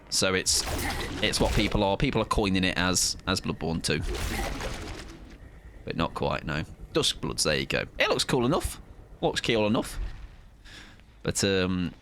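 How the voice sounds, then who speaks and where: A man's voice: lowish voice, background noise. A young British man giving casual live gameplay commentary as a streamer, rambling, restarting sentences and swearing casually.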